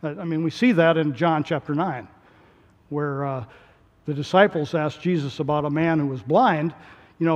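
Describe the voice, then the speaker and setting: A male pastor delivering a sermon in an animated way, his voice rising to emphatic peaks. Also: on the high side, moderate pace. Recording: long hall reverb.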